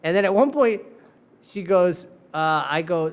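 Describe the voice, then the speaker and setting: A man, a lawyer, telling a courtroom story in casual podcast chat, animated and profane, acting out the people he quotes. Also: high-pitched, moderate pace.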